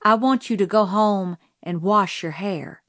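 A woman's voice: mid-range voice, a little slow, no echo, clean studio sound, natural voice. A woman voicing a polite, somewhat flustered female schoolteacher with a prim, proper way of talking.

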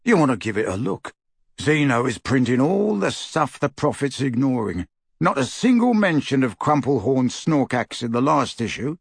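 A man's voice: mid-range voice, sing-song, normal speed, vocal fry, husky, no echo, clean studio sound, heavily acted. A man voicing a blunt, frank middle-aged wizard in a storybook reading, confiding and scornful.

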